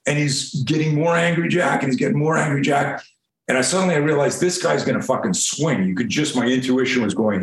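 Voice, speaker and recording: A man spins a long, profane story in a relaxed interview. He throws in acted-out bits of dialogue. His middle-pitched voice carries a noticeable room echo. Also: brisk. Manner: profane, animated storyteller acting out quotes. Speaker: guest. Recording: roomy echo.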